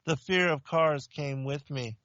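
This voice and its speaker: A man's voice: on the high side, unhurried, a bit bright, dry recording, highs cut off. A man from Romania, preaching and telling his testimony plainly and earnestly in short sentences. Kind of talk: testimony sermon.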